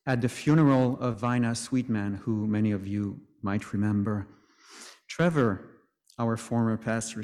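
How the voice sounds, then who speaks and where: Chatty preacher in an echoing church. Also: male voice, medium pitch, a little mellow. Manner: conversational, joking asides. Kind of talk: sermon.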